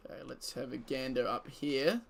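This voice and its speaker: Over some background noise, a gravelly, medium-pitched streamer at a normal pace narrates game events aloud as he plays. His commentary is loose and profane, full of joking banter and frequent laughs.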